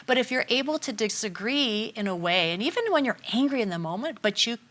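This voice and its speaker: Bright-voiced woman guest chatting about parenting. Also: fairly high pitch, a little fast. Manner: animated storytelling, acting out quoted family arguments. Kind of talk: casual chat on a talk show.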